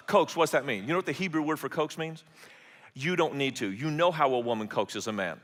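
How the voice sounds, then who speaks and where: A man's voice: a little high, brisk, a bit bright. A man preaching a sermon, telling the story with animation and briefly acting out the characters' voices. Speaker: pastor. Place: church auditorium. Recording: large hall with long reverb.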